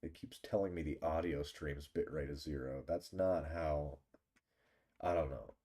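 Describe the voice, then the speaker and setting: A man's voice: extremely low pitch, steady tone, normal speed, mellow. A male streamer chatting casually with his live audience, teasing and bantering with some swearing, close to the microphone. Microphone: close desk microphone.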